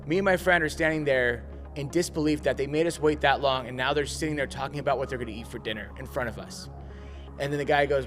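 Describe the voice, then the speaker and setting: A man's voice: mid-range voice, fairly quick, a bit bright, soft background music. A man telling a restaurant story and critiquing the service in an indignant, emphatic way. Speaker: restaurant reviewer. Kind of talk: storytelling commentary.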